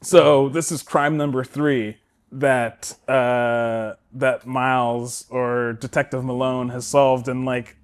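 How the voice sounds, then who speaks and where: Animated man recapping a movie. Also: medium pitch, slow, clear, resonant tone. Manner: animated storytelling, acting out characters' lines with laughs. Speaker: podcast co-host. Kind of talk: casual movie recap chat.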